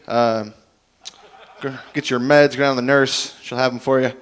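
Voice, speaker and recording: A man's voice: medium pitch, brisk, a bit bright. A young man doing a stand-up comedy set, rambling and self-deprecating as he tells stories and acts out both sides of each conversation.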